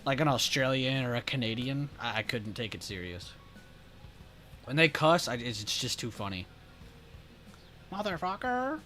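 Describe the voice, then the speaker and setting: A man's voice: medium pitch, moderate pace, bright, forceful tone, faint music behind. A man from the United States chatting casually on a livestream, reacting to chat messages and laughing often. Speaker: stream host.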